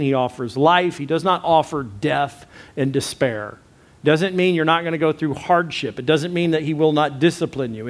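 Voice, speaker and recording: Pastor, male, slightly raised pitch, emphatic preacher who repeats lines and addresses the congregation directly. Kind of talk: sermon.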